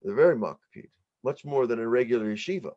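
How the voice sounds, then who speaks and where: An American man, a middle-aged rabbi, teaching an online workshop in an explanatory, halting way with frequent restarts. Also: medium pitch, lively intonation, mellow, muffled recording. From United States.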